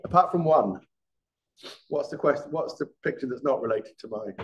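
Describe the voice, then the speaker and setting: A man's voice: mid-range voice, expressive, moderate pace, slightly rough, lo-fi sound. A middle-aged man, a former police detective, giving a live classroom lecture, often restarting words and checking in with the class. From England.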